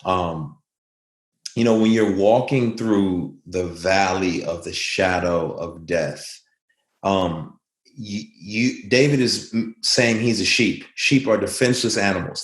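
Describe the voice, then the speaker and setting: A man's voice: sits low, slow pace, reverberant. A man speaking as an interview guest, earnest and reflective, telling stories in a conversational way.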